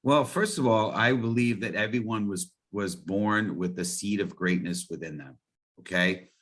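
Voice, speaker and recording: A man's voice: fairly low pitch, moderate pace, fairly bright tone. A man talking as an interview guest, earnest and rambling with many restarts. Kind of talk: casual interview chat.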